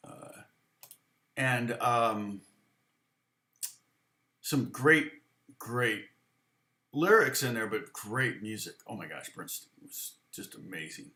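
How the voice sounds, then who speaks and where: A man's voice: lowish voice, lively intonation, takes it slowly, long pauses, bright, forceful tone. A man teaching guitar on a live stream, answering viewer questions, thinking aloud with a rambling manner and counting and scatting rhythms. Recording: roomy echo.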